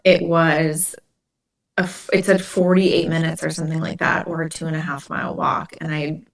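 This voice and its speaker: Low-pitched and flat, with vocal fry, the voice belongs to a woman from Indiana, USA, who hosts a podcast. At a moderate pace she spins casual, chatty stories loaded with "like" fillers.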